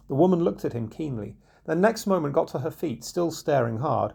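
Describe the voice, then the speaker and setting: Gravelly-voiced man reading a storybook tale. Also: a little high, animated, a little mellow. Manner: measured, unhurried storytelling. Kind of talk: scripted storybook narration.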